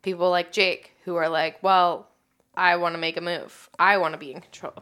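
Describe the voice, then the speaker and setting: A woman co-hosting a podcast in casual, excitable chat, with many fillers like "like" and lively acted-out quotes. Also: on the low side, moderate pace, clear, resonant tone. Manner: chatty, lots of "like", excitable. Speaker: podcast co-host.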